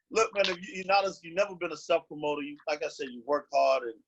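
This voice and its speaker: A man's voice: fairly high pitch, fairly even intonation, fairly quick, a bit bright, a little hiss or hum, rough recording. A man hosting an interview, asking questions casually and encouragingly. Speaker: podcast host.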